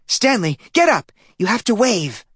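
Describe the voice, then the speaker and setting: A man voicing an excited mother with a shrill squeal. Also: a little slow, breathy edge, no room sound, studio quality, heavily acted.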